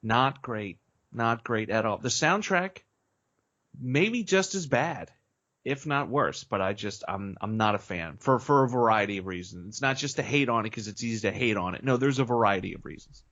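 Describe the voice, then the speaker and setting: A male podcast co-host with a mid-pitched voice. He gives blunt, opinionated takes in a casual way and sighs often. His audio sounds slightly muffled. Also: lively intonation, moderate pace, fairly bright tone.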